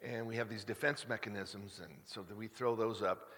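A man's voice: lowish voice, fairly even intonation, normal speed, a bit bright. Man preaching in a reverberant hall. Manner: conversational and confessional, many restarts, rising to emphatic peaks. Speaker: pastor. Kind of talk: sermon.

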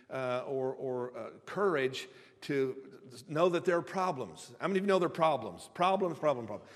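A pastor delivering a sermon in a conversational way, stumbling over and repeating words and retelling stories with humor. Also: male voice, medium pitch. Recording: long hall reverb.

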